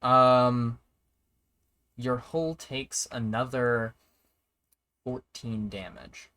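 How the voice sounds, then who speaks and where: A man in the game master's chair, talking through the rules at a relaxed clip. His voice sits at an ordinary middle pitch, and he often stops and restarts his sentences as he works things out. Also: dry recording. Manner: easygoing, explains rules in halting restarts. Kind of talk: running a tabletop game.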